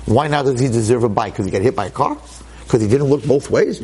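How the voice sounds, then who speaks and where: A man giving a storytelling talk, animated and acting out voices, sprinkling in Yiddish and Hebrew words. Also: mid-range voice, quick pace, slightly rough. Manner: peppers his speech with Yiddish and Hebrew words. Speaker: lecturer.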